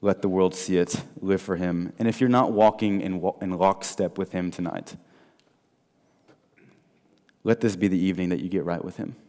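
A man preaching an evangelistic sermon, telling stories and swinging between loud and soft. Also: sits low, steady tone, moderate pace, long pauses. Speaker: guest speaker. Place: large church hall. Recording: long hall reverb.

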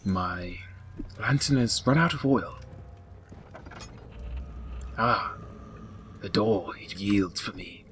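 Slow mock-formal gaming man. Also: on the low side, a bit bright, slight background noise. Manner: mock-formal narration, whispered asides. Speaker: gaming YouTuber. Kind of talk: comedic let's play commentary.

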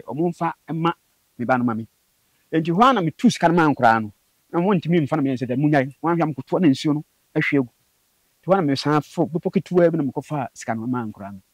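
Man, guest storyteller, husky and quick, dry close sound, lively testimony. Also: no echo. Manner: fast, animated storytelling with sudden high bursts. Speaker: guest telling his story. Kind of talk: personal testimony in conversation.

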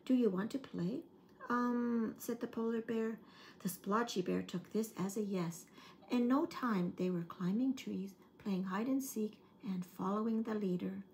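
A woman working as an early-years storyteller, reading a picture book aloud in a gentle, expressive way. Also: mid-range voice, measured pace, a little hiss or hum.

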